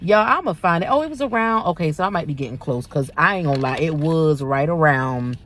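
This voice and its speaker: A woman, talking casually about faith to her viewers, animated and repetitive, calling them y'all. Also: low voice, fairly quick, few pauses, a little hiss or hum. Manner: animated, repeats herself, addresses viewers as y'all. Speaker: faith video host. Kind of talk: casual spiritual talk to viewers.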